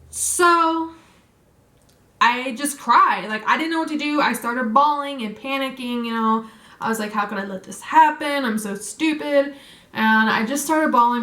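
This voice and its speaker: A woman's voice: fairly high pitch, bright, forceful tone. A young adult woman vlogger telling a story in a chatty way, full of "like" and "um", with a lot of feeling. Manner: chatty, fills with "like" and "um", emotional retelling. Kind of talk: casual story time. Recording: echoey room.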